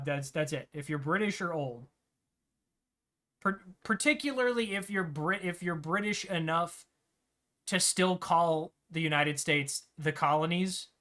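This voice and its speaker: A man hosting a tabletop game stream, ranting loudly and swearing in casual talk. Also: fairly high pitch. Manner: ranting, profane, rambling. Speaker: game master and stream host. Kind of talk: loud casual stream chat.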